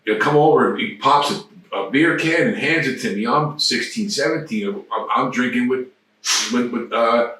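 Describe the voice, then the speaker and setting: As an interview guest, a man in his sixties tells casual, rambling stories laced with profanity. He speaks at normal speed in a mid-range, fairly bright voice, and the very echoey room and distant mic color the sound.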